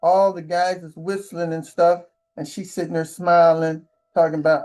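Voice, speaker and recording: A man's voice: on the high side, level tone, normal speed, few pauses, darkish tone, faint music behind. A man hosting a relationship advice monologue, telling rambling stories and often tagging lines with a rhetorical question. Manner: rambling storyteller, keeps asking "right?". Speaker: channel host.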